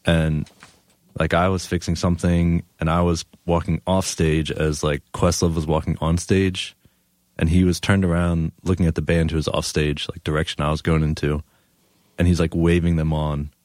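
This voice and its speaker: Very deep-voiced man telling stories. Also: level tone, moderate pace, a little mellow, no echo, studio quality. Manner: laid-back storyteller, laughs often, many "like" fillers. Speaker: guest. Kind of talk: casual chat.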